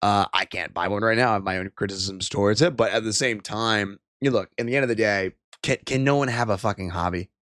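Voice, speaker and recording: A man's voice: on the low side, fast talker, few pauses, fairly bright tone, dry recording, studio quality. A young man streaming, ranting and swearing in exasperated commentary.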